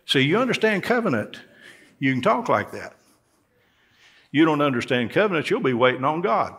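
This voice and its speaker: A man's voice: on the high side, very animated, moderate pace, long pauses, a bit bright. A male pastor delivering a sermon in a church, folksy in tone and rising emphatically on key words. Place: church sanctuary.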